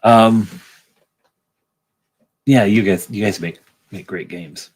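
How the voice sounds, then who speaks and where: A man hosting a casual livestream, chatting with viewers in a rambling way with lots of pauses and restarts. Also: on the low side, a little hiss or hum. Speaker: convention organizer and livestream host.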